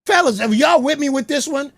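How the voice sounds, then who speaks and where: A man giving casual livestream commentary, animated, laughing often and stammering over repeated words. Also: extremely high pitch, a little fast, dry recording.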